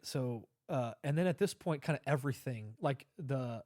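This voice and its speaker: A man's voice: medium pitch, normal speed, a little mellow, dry recording, clean studio sound. A man telling a long personal story in a casual interview, rambling with fillers and acting out the dialogue. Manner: rambling, many fillers and restarts, acts out quoted dialogue. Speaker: podcast guest, Army veteran.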